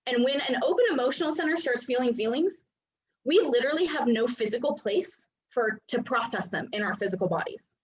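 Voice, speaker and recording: A high-pitched woman teaches in a loose, chatty way, sprinkling in filler likes and playful acted-out voices. The recording sounds dull and lo-fi. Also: expressive, fairly quick. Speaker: human design coach. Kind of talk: casual teaching talk.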